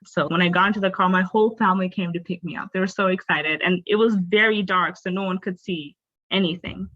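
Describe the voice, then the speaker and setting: Low-voiced young woman telling her story. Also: steady tone, brisk, fairly bright tone, highs cut off. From raised in a Bengali family. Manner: candid, earnest, uses many fillers like "like" and "you know". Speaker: podcast guest. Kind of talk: personal storytelling in a conversation.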